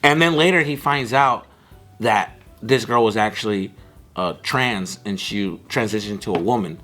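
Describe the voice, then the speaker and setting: A man co-hosting a comedy podcast in casual chat, telling stories in a loud, animated way with lots of swearing. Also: on the low side, normal speed, faint music behind. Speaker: podcast co-host.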